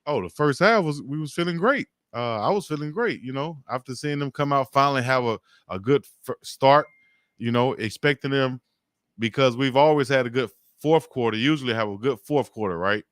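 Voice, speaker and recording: A man's voice: mid-range voice, expressive, a little fast, fairly bright tone, no echo, studio quality. A man as a guest commentator in a casual sports debate, animatedly retelling the plays.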